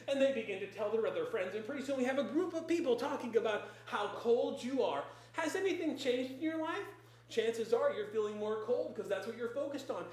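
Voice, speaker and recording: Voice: mid-range voice, lively intonation, a little fast, a little mellow, slight background noise. Preacher in a very echoey room. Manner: emphatic, repetitive declarations. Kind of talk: sermon.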